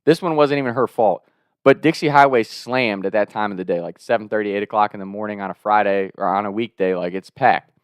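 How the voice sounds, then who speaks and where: A young man in his twenties telling a wild story in a casual, animated way, swearing and laughing as he goes. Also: lowish voice, a little fast, clean tone, dry recording, clean studio sound. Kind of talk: casual spoken anecdote.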